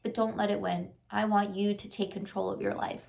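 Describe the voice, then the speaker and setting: This woman, a lifestyle vlogger and life coach, delivers a casual, heartfelt motivational talk to camera, circling back to her encouragements with many "like" fillers. Her voice is medium-pitched, level, gravelly, and somewhat dark, and she speaks fairly quickly.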